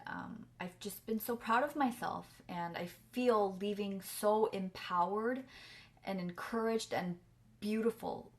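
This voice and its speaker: A young woman vlogging in a relaxed, conversational way, her sentences loose and sprinkled with "like." She sounds earnest and effusive, sharing personal things as if talking to friends. Her pitch sits in an ordinary middle range. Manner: chatty, filler-heavy with frequent "like". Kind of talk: casual chat to camera.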